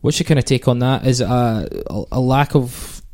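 A man's voice: medium pitch, animated, moderate pace, darkish tone. A man hosting a casual football podcast, talking in a hesitant, filler-heavy, exasperated way. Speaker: podcast host.

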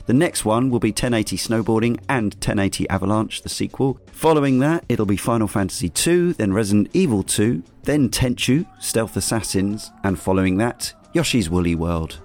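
A man's voice: fairly low pitch, animated, moderate pace, few pauses, darkish tone. A man hosting a casual podcast chat, rambling with fillers and restarts. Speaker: podcast host.

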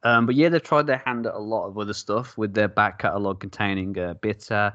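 A man's voice: on the low side, brisk, a bit bright, no echo, muffled recording. A man co-hosting a casual beer-tasting podcast, jokey and rambling, laughing often. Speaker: podcast co-host.

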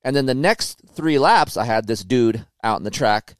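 A man telling a racing story on a podcast, animated and profane, loudly acting out quotes. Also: medium pitch, normal speed, no room sound, studio quality. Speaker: guest, motocross racer.

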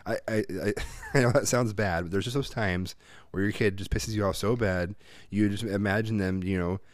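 A man, a father, co-hosting a casual chat, telling animated stories, swearing freely and mimicking voices. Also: lowish voice, normal speed, no room sound, clean studio sound. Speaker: podcast co-host, father.

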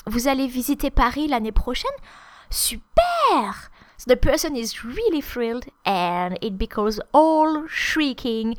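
A woman's voice: on the high side, fairly bright tone, no echo. A woman hosting a podcast language lesson, explaining at length with many hesitant fillers. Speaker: French teacher, podcast host.

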